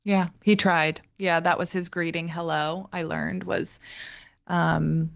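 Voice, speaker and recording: A woman in her thirties, a guest talking reflectively and haltingly in an interview, with frequent restarts. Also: fairly low pitch, vocal fry, no room sound, lo-fi sound. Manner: thoughtful, halting, many restarts. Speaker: guest, actor and writer.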